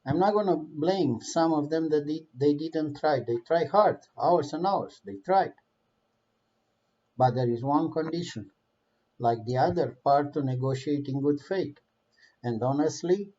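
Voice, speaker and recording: A man's voice: a little high, measured pace, mellow. A man giving heated political commentary in a vlog, impassioned, swearing, with non-native English phrasing. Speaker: vlogger. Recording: dull lo-fi recording.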